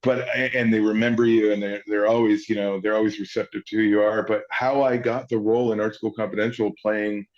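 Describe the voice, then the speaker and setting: A male actor telling stories as an interview guest, rambling quickly and acting out quoted voices. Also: fairly low pitch, lo-fi sound. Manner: acts out quotes in lively voices, fast rambling. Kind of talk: animated storytelling.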